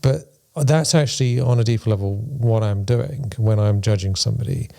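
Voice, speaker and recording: A man's voice: medium pitch, normal speed, vocal fry, warm tone. A man co-hosting a spiritual discussion podcast, talking things through thoughtfully and using playful examples. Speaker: podcast co-host.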